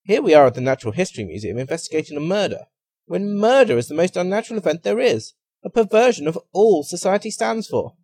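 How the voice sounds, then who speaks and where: A man putting on a flamboyant, eccentric detective who lectures and bursts into high-pitched exclamations, his pitch leaping all over. The voice sits up above a normal man's talk, dry and close with no room sound. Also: very animated, quick pace, a little mellow, husky, no room sound, exaggerated voice. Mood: excited. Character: eccentric excitable male detective, grandiose.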